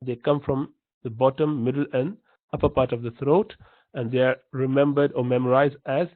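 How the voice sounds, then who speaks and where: A man teaching pronunciation in a slow, patient lesson, repeating each sound to demonstrate it. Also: mid-range voice, steady tone, dry recording. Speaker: Quran recitation teacher. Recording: dry, tinny phone-like line.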